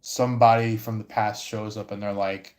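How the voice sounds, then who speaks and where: A man giving a casual livestream tarot reading, talking haltingly with many fillers and restarts. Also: on the low side, flat delivery, a little mellow. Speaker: tarot reader.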